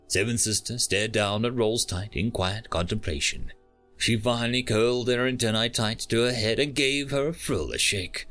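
A man narrating a science fiction short story in a calm, measured reading. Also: medium pitch, faint music behind.

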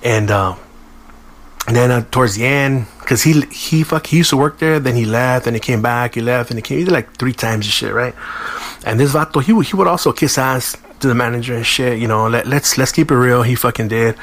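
A man's voice: medium pitch, brisk, fairly bright tone. Profane, slangy man. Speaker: podcast host. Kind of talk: casual storytelling.

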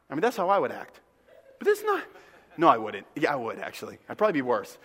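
A man preaching a sermon as a pastor, retelling a scripture story with humor and lively asides in a church. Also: on the high side, fast talker, husky. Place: church sanctuary. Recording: long reverb of a large hall.

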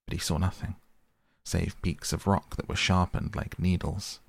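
A man reading a storybook aloud as narrator, measured and gentle. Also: deep voice, fairly even intonation, vocal fry, husky. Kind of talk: audiobook reading.

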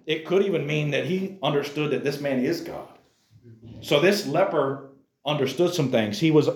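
A man's voice: medium pitch, a little mellow, roomy sound. A man teaching a Bible lesson to a youth class, emphatic and addressing his listeners directly.

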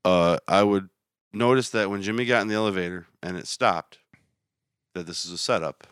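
A man with a very deep voice trades dry, deadpan jokes as a podcast co-host. The sound is close and dry, with no room around it. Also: moderate pace, clear, resonant tone, no room sound. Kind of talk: casual chat.

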